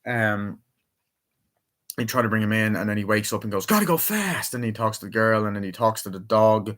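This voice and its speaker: A man's voice: lowish voice, flat delivery, a little fast, fairly bright tone, slight background noise. A young man chatting casually through a movie review, rambling and swearing freely as he retells favorite scenes.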